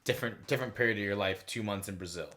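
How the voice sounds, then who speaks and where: A man's voice: fairly low pitch, racing, pushed and bright. A man hosting a podcast, reacting in a laid-back, slangy way. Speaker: podcast host. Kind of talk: casual chat.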